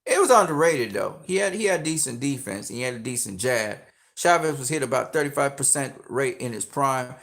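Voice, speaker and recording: Male stream host, blunt and profane, lively swinging pitch, casual rant delivery. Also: brisk. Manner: emphatic, profane, repeats "okay?" often.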